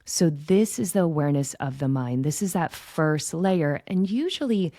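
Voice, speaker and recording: A woman hosting a podcast, calmly teaching in a gentle, reflective monologue that often checks in with "right?". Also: low-pitched, normal speed, dry recording, clean studio sound. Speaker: podcast host and intuition coach.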